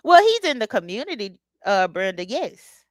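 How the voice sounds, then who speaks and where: A woman's voice: fairly high pitch, sing-song, moderate pace, dry recording. A woman hosting a casual livestream, talking bluntly with features and greeting chat viewers by name. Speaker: livestream host. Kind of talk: casual live commentary.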